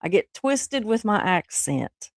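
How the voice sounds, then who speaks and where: A woman's voice: mid-range voice, very animated, slow pace, no room sound. Middle-aged woman, flu-sick livestream host, chatty and rambling, mid-range voice, dry sound. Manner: rambling, chatty, laughs often, reads chat aloud. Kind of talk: casual chat with live viewers.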